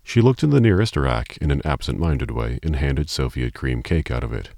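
Male audiobook narrator, extremely deep voice, calm and measured, dry booth sound. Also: gravelly, dry recording.

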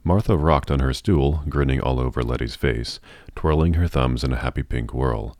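A man narrating an audiobook in a steady storytelling manner. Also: rumbling low, normal speed, no room sound, clean studio sound.

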